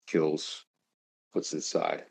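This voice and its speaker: A young man talking casually as a podcast guest, animated and swearing, with many fillers. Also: drawn-out words, no echo. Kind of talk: casual conversation.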